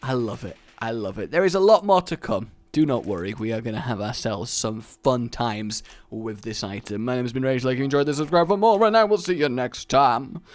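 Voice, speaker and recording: A man giving casual, excitable commentary over gameplay, breaking into loud delighted exclamations. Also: medium pitch, a little fast, few pauses, dry recording. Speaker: gaming YouTuber.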